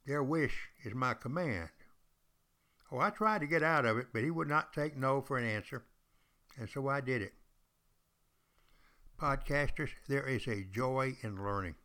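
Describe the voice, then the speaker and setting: A man's voice: medium pitch, animated, moderate pace, pauses often, pushed and bright. An older man, hosting a podcast in a folksy, chatty storytelling monologue aimed straight at his listeners. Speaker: podcast host and retired college teacher.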